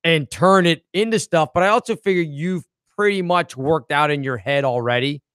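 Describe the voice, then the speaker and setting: A man's voice: a little high, normal speed, clear, resonant tone, no room sound, clean studio sound. A man hosting a podcast in casual chat, telling stories and acting out the people in them. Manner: animated storyteller, acts out voices in quotes. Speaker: podcast host.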